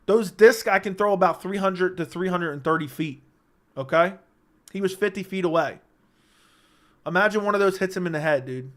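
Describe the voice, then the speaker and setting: A man's voice: high voice, normal speed, fairly bright tone. A young man hosting a late-night casual livestream, bantering with his chat in a brash, profane, joking way. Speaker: livestream host.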